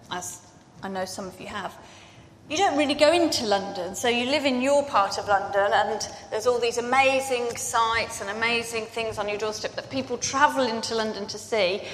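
Woman preacher, higher voice, chatty storytelling sermon, echoey church hall. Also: a little hiss or hum. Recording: echoey hall with long reverb.

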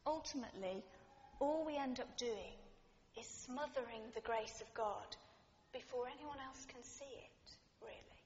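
A woman with a high-sitting voice preaches an earnest, reflective sermon, building her points with repeated rhetorical phrases. The hall recording sounds dull and reverberant, with a slight hiss or hum.

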